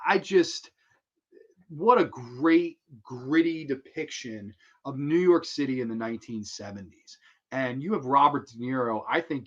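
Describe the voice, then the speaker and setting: A man hosting a live show, rambling and swearing freely as he gets worked up. His voice sits at a mid pitch, and the sound is dull and lo-fi. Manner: profane, rambling, excitable. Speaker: host. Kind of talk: casual live show monologue.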